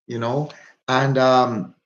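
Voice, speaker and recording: Jamaican man, mid-pitched, casual livestream host, repeats himself, greets viewers by name, slightly dull phone audio. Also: level tone, takes it slowly. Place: walking outdoors.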